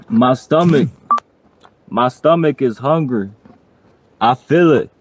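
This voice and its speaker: A man chats casually on a livestream with a slow, unhurried drawl. He pleads and jokes in the same breath, stretching his words out. His voice sits at an ordinary middle pitch. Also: slight background noise.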